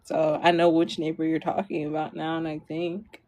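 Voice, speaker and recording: A woman's voice: deep voice, flat delivery, normal speed, a little mellow. A young adult woman streamer telling a story casually to her audience, rambling with lots of fillers and frequent laughs.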